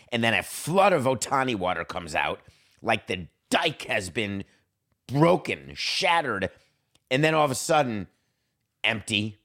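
A man with a lowish, slightly bright voice hosts a solo sports podcast. His delivery is wry and theatrical, swinging between dry asides and mock-grand flourishes.

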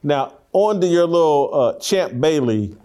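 A man's voice: fairly high pitch, animated, a little slow, warm tone, clean tone. A man hosting a talk show in a studio, giving blunt, emphatic opinions and repeating himself as he argues. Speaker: show host. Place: studio room with three people.

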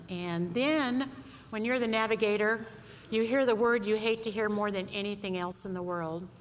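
A woman giving a storytelling sermon to a women's audience, animated and acting out voices. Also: mid-range voice, normal speed. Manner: lively storyteller, acts out voices. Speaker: speaker at a women's event. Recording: echoey hall, faint room noise.

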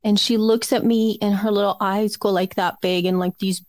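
A woman's voice: medium pitch, moderate pace, dry recording. A middle-aged woman from El Salvador, co-hosting a podcast and telling a family story in casual chat with frequent laughs. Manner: storytelling, animated, laughs often. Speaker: podcast co-host.

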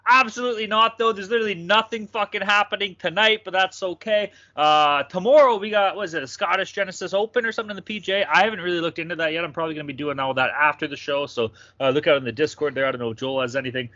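A man's voice: a little high, fast talker, hardly any pauses, sharp tone, dry recording. A young man co-hosting a sports betting podcast, chatting casually with rowdy, profane banter. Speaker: podcast co-host. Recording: dull lo-fi sound, dry.

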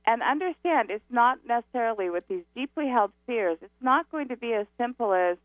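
A woman guest teaching about spirituality in a radio interview, speaking in a slow, emphatic way over a phone line. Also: a little high, animated, dry recording.

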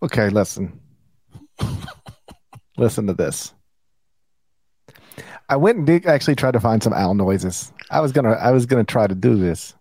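Animated man, playful podcast rambling. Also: fairly low pitch, moderate pace, pauses often, no echo. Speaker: podcast co-host. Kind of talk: casual sports podcast banter.

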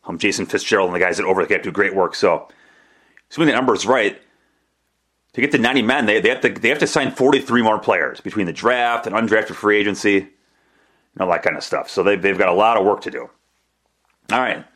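Man, somewhat low voice, solo sports podcast host, chatty, rambling, casual commentary. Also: quick pace, a bit bright. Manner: chatty, rambling, with restarts and self-deprecating asides.

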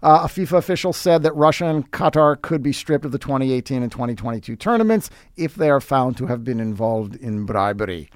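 A man's voice: mid-range voice, lively intonation, brisk, hardly any pauses, dry recording, studio quality. A man hosting a podcast, reading scripted sports commentary with sarcastic, wry asides. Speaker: podcast host.

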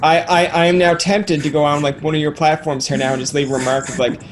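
Chatty man with a slightly high voice. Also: flat delivery, fast, a little hiss or hum. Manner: rambling, jokey, acts out quoted voices. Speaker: podcast host. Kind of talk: casual interview chat.

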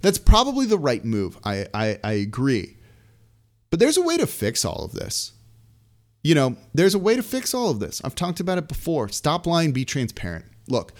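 Male sports podcast host, slightly high voice, chatty solo commentary full of asides. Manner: animated, conversational, frequent asides.

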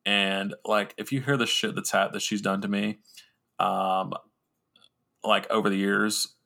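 A young man rambles through a story on his podcast, swearing freely and mocking himself as he goes. His low voice has a gravelly fry with a bright, forward edge. He talks in a loose, casual way, full of restarts and fillers. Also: flat delivery, unhurried. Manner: rambling, profane, self-mocking. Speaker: podcast host.

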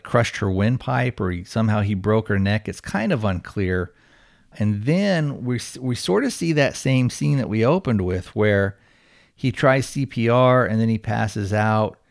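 A man's voice: mid-range voice, vocal fry, a little mellow. A male podcast host casually recapping a film's plot, rambling and leaning on fillers. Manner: rambling, heavy on fillers and hedging words. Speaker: podcast host reviewing a film.

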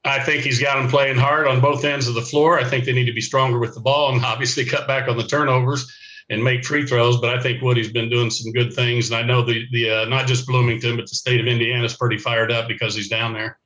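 Bright-voiced man in his sixties. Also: mid-range voice, flat delivery, fast, lo-fi sound. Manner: folksy, rambling, with chuckles. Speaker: guest, former player. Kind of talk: casual storytelling.

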